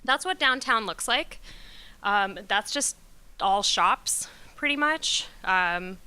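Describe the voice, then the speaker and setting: A woman's voice: mid-range voice, expressive, takes it slowly, sharp tone, smooth. A young woman from Curaçao giving a casual, self-deprecating slide talk, chatty and full of ums and asides. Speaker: presenter at a company talk.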